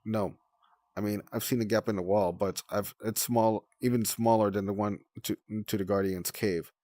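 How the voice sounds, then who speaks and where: A man voicing a fierce, protective female sea dragonet in a storybook, with an urgent, forceful delivery. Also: lowish voice, fairly even intonation, moderate pace, dry recording, lightly acted. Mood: hesitant.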